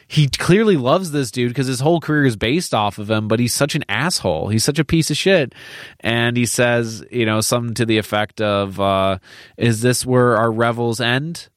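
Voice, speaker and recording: A man's voice: mid-range voice, no room sound. A man with a mid-range voice talks casually through a film, swearing and circling back on his thoughts. The sound is close and dry, with no room behind it. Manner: conversational, many fillers and restarts, candid and profane. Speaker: podcast co-host.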